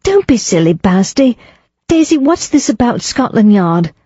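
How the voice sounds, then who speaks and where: An eager young Englishwoman chatters with girlish slang and warmth, as a woman puts her on. Her tone is mellow and a bit husky. The sound is dry and slightly dull. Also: on the high side, sing-song, a little slow, no room sound, voice pushed up, exaggerated voice.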